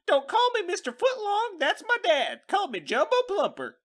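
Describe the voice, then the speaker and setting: A podcast co-host voicing a brash, folksy cowboy man who hollers in a high, hammy drawl. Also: huge pitch swings, moderate pace, a bit bright, heavily acted. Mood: indignant.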